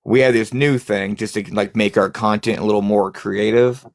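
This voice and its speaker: A man, a paranormal investigator, chatting casually and telling his investigation stories in an animated way. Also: fairly low pitch, moderate pace, creaky, no room sound, clean studio sound. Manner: animated storyteller, acts out scared reactions. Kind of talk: casual chat.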